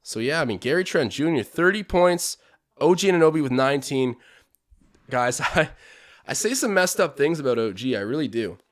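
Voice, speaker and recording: A young man from Canada hosting a live basketball watch-along, calling plays and chatting with his viewers, animated and swinging from hype to groans. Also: a little high, moderate pace. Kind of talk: excited live game commentary with chat.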